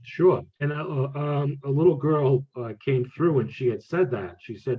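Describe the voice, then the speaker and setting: A man, a medium and author, chatting casually and answering audience questions, with relaxed speech full of fillers and restarts. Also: medium pitch, moderate pace, hardly any pauses, husky. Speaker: medium and author, guest speaker. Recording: tinny phone-like audio.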